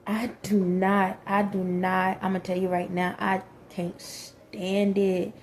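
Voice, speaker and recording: A woman's voice: mid-range voice, little pitch movement, slow pace, darkish tone, a little hiss or hum. A woman talking frankly and emphatically in a casual monologue, with many fillers. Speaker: vlogger.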